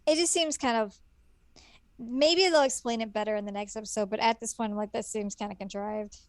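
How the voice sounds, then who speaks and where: A woman's voice: on the high side, steady tone, a little fast, no room sound. A woman co-hosting a casual anime chat, making wry, skeptical quips about the plot. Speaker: co-host.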